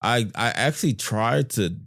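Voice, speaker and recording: A man's voice: mid-range voice, lively intonation, normal speed, gravelly, fairly bright tone, no echo, studio quality. A man as a podcast guest, talking in an easygoing, hesitant way with lots of restarts. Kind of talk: casual chat.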